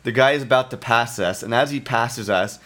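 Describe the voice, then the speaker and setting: A man in relaxed podcast chat, spinning a long anecdote. He swears freely and breaks into loud acted-out quotes, with a mid-range voice of average pitch. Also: brisk. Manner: animated storyteller, swears freely, acts out quotes. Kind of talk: casual storytelling chat.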